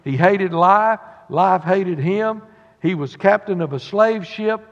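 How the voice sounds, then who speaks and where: A pastor with a high voice preaches slowly to his congregation, folksy and conversational with Southern turns of phrase. The sound is dull, set in a church sanctuary with long reverb.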